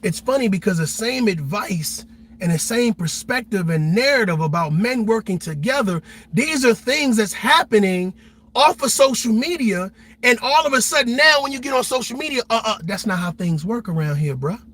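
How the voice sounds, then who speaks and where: An army veteran hosting a livestream, talking passionately in a blunt, repetitive, profane way. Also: male voice, sits high, lively intonation, moderate pace, fairly bright tone, slight background noise. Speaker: livestream host.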